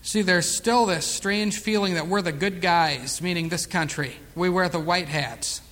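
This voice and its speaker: High-voiced preacher in a reverberant hall. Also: male voice. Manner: reads scripture slowly and loudly, chats and chuckles between verses. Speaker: pastor leading a Bible study. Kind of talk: conversational sermon and scripture reading.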